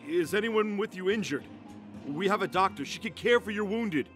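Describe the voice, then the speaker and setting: A woman voicing a calm man trying to reassure wary strangers and offering help, in a patient, placating way. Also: medium pitch, moderate pace, soft background music, lightly acted.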